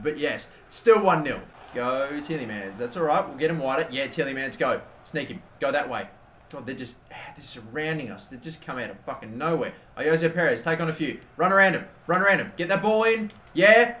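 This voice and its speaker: Young male gamer, excitable and sweary, a bit high, roomy sound. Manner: excitable, swears often, shouts at goals. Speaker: gaming YouTuber. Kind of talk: live gameplay commentary. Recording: echoey room.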